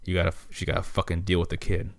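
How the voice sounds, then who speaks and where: Podcast host, male, low gravelly voice, dry close sound, swears constantly, rambling and irritated. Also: completely flat delivery, fast, dry recording. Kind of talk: casual storytelling monologue.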